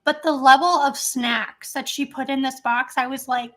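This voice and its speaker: A vlogger with a high, light, fairly bright voice chats fast and loosely on a live stream from home. She keeps a steady tone while rambling and giggling between thoughts, all casual and unscripted.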